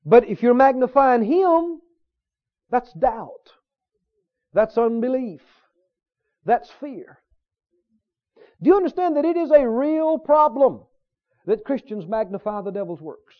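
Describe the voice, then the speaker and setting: A man's voice: very high-pitched, big pitch swings, slow, long pauses, dull audio. A man preaching a sermon emphatically, repeating his points and asking the congregation questions. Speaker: pastor.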